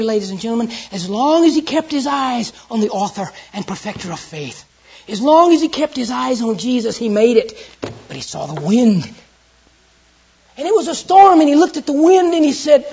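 A preacher with a Southern US accent, giving an earnest storytelling sermon that turns from hushed to loud. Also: medium pitch, very animated, normal speed, gravelly, slightly rough. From Southern United States. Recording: dull lo-fi recording.

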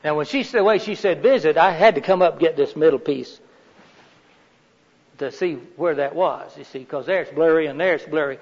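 This workshop lecturer, a middle-aged man, speaks on the high side and fairly quickly. His talk is folksy and conversational, full of questions for the audience, captured in a dull, echoing meeting room that has windows and a heater.

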